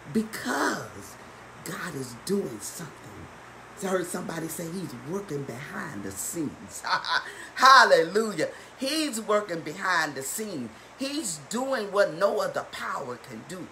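A woman's voice: on the low side, big pitch swings, unhurried, a little hiss or hum, low-quality recording. A woman preaching at a Bible study, fervent and calling out to the congregation with rising exhortations. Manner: fervent call-and-response preaching, rising to shouts. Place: church or home, streamed live.

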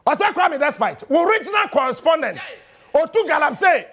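In a studio, a middle-aged radio morning show host with a Ghanaian accent launches into a fiery, mocking on-air rant, often shouting. He speaks slightly fast in an extremely high voice with big pitch swings.

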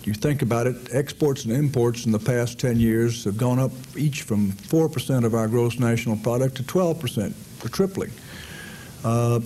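A man giving a public talk on foreign policy, speaking in a measured, explanatory way with frequent pauses and fillers. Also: medium pitch, dark tone, slight background noise, poor audio. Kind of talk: public lecture.

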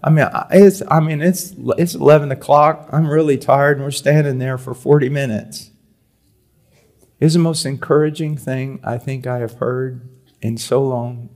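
A man preaching a sermon at a conference, reading aloud with emphasis, then dropping to quiet, confiding tones and repeating words to drive a point home. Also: medium pitch, fairly even intonation, normal speed. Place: church or conference hall.

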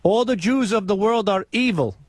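A man's voice: high-pitched, normal speed, over a noisy crowd, pitched above the performer's own voice, close to an everyday voice. A man voicing a male prank caller who puts on a foreign accent and asks blunt questions in broken English. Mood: mock-earnest.

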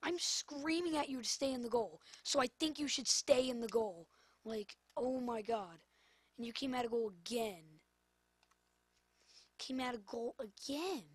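A woman's voice: on the high side, unhurried, slightly rough, no room sound. A woman commentating her own football video game, exasperated and scolding the players on screen. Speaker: gamer. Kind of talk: gameplay commentary.

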